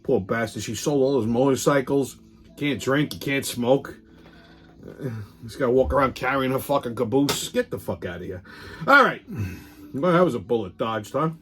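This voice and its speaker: A man's voice: medium pitch, animated, normal speed, a bit bright, faint music behind. A man hosting a comedic weekly wrap-up show and ranting in a profane, blustering way. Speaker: host. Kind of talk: comedic rant.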